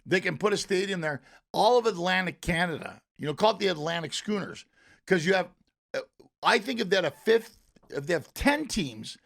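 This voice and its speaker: A man who is a guest comedian on a podcast, telling animated stories in casual banter and laughing often. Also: high voice, fairly quick, gravelly.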